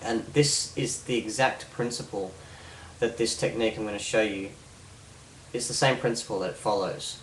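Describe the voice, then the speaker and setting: A man's voice: lowish voice, moderate pace, a little hiss or hum. A man casually explaining a hypnosis technique, rambling with fillers and restarts. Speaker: hypnosis instructor. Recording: roomy, distant mic with faint ambience.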